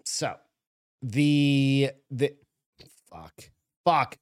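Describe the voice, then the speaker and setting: A man's voice: mid-range voice, animated, extremely slow, dry recording, studio quality. A man co-hosting a casual podcast, swearing freely and reading news stories aloud with running asides. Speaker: podcast co-host. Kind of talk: casual chat.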